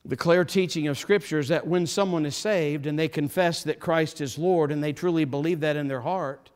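A man preaching a sermon as pastor, impassioned, repeating phrases and building to forceful emphasis. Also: a little high, moderate pace, clean tone.

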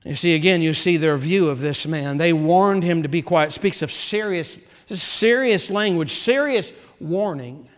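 Preacher guy giving a sermon, gets loud and fired up then goes quiet, kinda high voice, big hall echo. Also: measured pace, hardly any pauses. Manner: preaching with rising, impassioned build-ups and soft, hushed drops. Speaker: pastor.

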